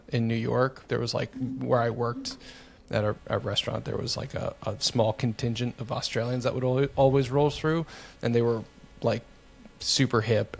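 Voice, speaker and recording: A man's voice: mid-range voice, gravelly, slightly rough. A man hosting a podcast in casual chat, hesitant and repeating words as he talks. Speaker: podcast host.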